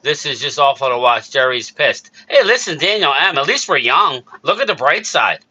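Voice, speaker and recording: A man hosts a casual live stream, ranting about sports in a heated, worked-up way and calling out replies to chat. His voice sits high and sounds strikingly bright and forceful. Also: big pitch swings, moderate pace, slightly rough, highs cut off. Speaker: streamer host reading chat.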